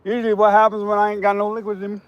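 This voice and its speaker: Man, high-pitched and hoarse, rambling outdoor stream host, chatty and easygoing. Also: completely flat delivery, racing, no room sound, dull audio. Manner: chatty, rambling, repeats himself. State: hoarse, scratchy throat. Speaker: fishing livestream host. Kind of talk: casual live-stream chat. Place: outdoors on a riverbank.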